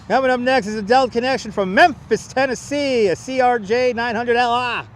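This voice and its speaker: A man's voice: very high-pitched, expressive, brisk, hardly any pauses, slight background noise. A man hosting a planespotting livestream outdoors, chatty and joking as he calls out incoming flights on a clip-on mic. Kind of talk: casual live commentary. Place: outdoors near an airport. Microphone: wireless clip-on mic.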